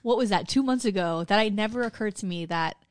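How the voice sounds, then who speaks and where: A woman co-hosting a podcast, chatting in a lively way, swearing freely and acting out quotes. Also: mid-range voice, fast talker, no echo. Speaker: podcast co-host. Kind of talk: casual chat.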